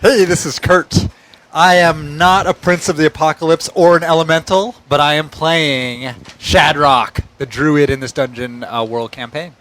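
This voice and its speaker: Guy saying hi as a player, kinda higher voice, light. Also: fairly even intonation, a little slow, fairly bright tone, slight background noise. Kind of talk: casual chat at a game table.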